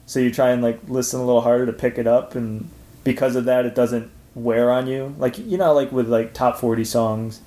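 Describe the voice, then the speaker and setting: A man who is a podcast guest, chatting in a relaxed, rambling way with lots of fillers. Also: medium pitch, brisk. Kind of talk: casual chat. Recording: echoey room.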